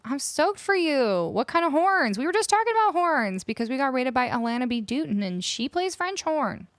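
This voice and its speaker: A woman's voice: high-pitched, big pitch swings, moderate pace, dry recording, clean studio sound. A woman from Canada chatting casually on a live music stream, greeting viewers and reading out their chat messages. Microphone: studio microphone.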